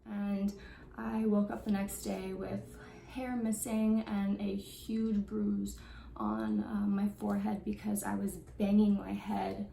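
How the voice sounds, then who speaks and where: Chatty young woman vlogger, gravelly edge. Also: mid-range voice, slow, dark tone, echoey room, a little hiss or hum, rough recording. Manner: chatty, lots of fillers and likes. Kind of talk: story time vlog.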